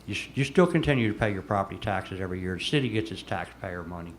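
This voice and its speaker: A man's voice: low voice, animated, quick pace, a little hiss or hum. A man serving as a city commissioner, pressing his points in a council meeting and often repeating words.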